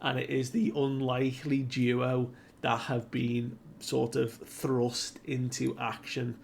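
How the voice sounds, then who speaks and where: A man casually recapping a comic chapter in a relaxed, rambling way with lots of fillers. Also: mid-range voice, slow, gravelly, a little hiss or hum. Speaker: manga commentator.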